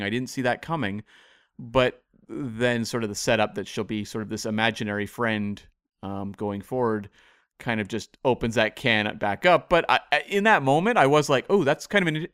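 A man co-hosting a casual podcast, talking in a thoughtful, measured, hedging way. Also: mid-range voice, a bit bright, clean tone, no echo, studio quality. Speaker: podcast co-host. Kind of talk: casual discussion of a TV episode.

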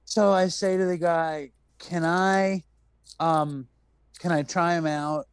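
A man's voice: a little high, takes it slowly, smooth, dry recording. A man from New York City hosting a podcast, telling a story in casual chat, acting out the people in it and swearing freely. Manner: animated storyteller, acts out quotes, swears freely. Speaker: podcast host.

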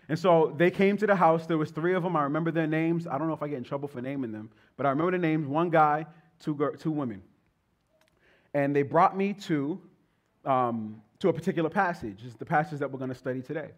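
A man in his thirties, a pastor leading prayer and then telling stories to his congregation in an animated, conversational way. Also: a little high, fairly quick. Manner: animated, conversational preaching with playful asides to the congregation. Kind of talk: sermon with prayer and storytelling.

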